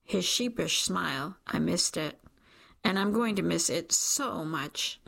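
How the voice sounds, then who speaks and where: Brief: woman narrator for a first-person audiobook, intimate and emotional, with a gravelly fry. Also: fairly low pitch, slow pace, fairly bright tone.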